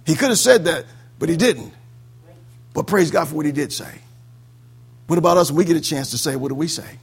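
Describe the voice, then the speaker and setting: A man preaching a sermon, fervent and prone to saying amen, swinging between loud exclamations and quiet asides. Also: fairly high pitch, a little fast, vocal fry, slightly rough.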